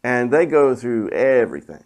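A middle-aged man, a pastor telling a personal story in a sermon with a conversational delivery that often drops to a hushed tone. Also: medium pitch, sing-song, normal speed.

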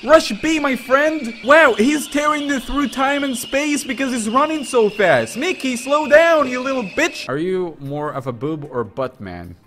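A young man streaming a game, commenting loudly with crude jokes and sudden yells. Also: extremely high pitch, unhurried, few pauses, slight background noise. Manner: excitable, yelling and crude joking. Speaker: gaming streamer.

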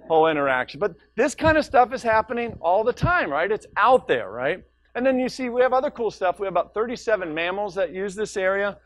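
A man's voice: fairly high pitch, no echo, dull audio. A man giving a public science lecture, enthusiastic and conversational, who often checks in with "right?" and narrates slides and video with jokes. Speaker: guest lecturer, marine scientist.

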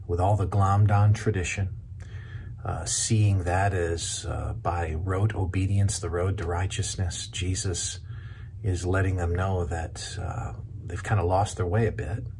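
Deep-voiced man giving a devotional talk. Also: steady tone, a little mellow, a little hiss or hum. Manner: earnest, stresses single words with long pauses. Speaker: pastor. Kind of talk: short devotional sermon to camera. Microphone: camera video.

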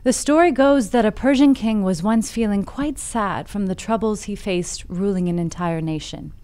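Woman reading a little story bit on a podcast, playful, laughs at herself, regular pitch. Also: moderate pace, dark tone, smooth. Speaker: podcast segment presenter. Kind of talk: reading a scripted segment and chatting.

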